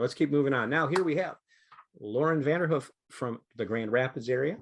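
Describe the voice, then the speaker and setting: A man leading an online training session in a casual, conversational way with frequent fillers. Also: medium pitch.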